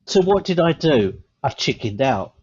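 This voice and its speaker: A man co-hosting a podcast, telling rambling stories in a casual chat that grow animated. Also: medium pitch, normal speed, breathy edge. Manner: rambling storyteller, animated when telling a story. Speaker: podcast co-host. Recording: slightly dull lo-fi sound.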